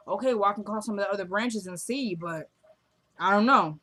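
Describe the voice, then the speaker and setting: A woman's voice: medium pitch, a little fast, a bit bright. A woman casually recapping a TV episode, chatting and acting out the characters' lines as she goes. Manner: chatty, acts out quotes of the characters. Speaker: TV show recapper.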